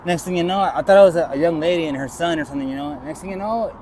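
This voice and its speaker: Racing along in a slightly high, somewhat mellow voice, this man rambles through a personal story for a street interviewer, imitating the voices of people he quotes. Traffic and outdoor street noise surround him.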